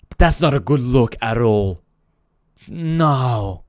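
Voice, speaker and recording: Taking it slowly, a man with a medium-pitched, slightly mellow voice and lively intonation hosts a casual football live stream. He rants in frustration, swears freely, and speaks straight to his viewers. The sound is dry and clean, studio style.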